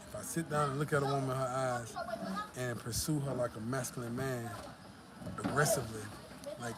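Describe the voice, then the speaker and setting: A man's voice: mid-range voice, fairly even intonation, brisk. A man vlogging casually outdoors, tired after the gym, telling stories in a loose, profane way. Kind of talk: casual vlog talk. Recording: loud traffic and street noise.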